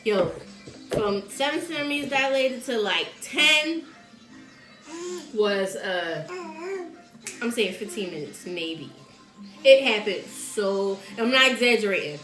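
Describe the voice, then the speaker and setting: A woman's voice: mid-range voice, slow, long pauses, reverberant, faint music behind. A woman telling a story in a casual chat, laughing often and acting out what people said. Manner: animated, laughs often, acts out quotes. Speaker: host.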